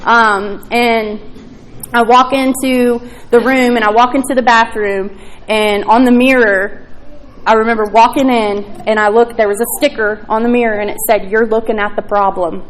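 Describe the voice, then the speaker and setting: A woman's voice: on the high side, steady tone, moderate pace, poor audio. A woman telling her recovery story at a meeting, candid and profane, with plenty of fillers. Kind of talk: personal testimony at a recovery meeting.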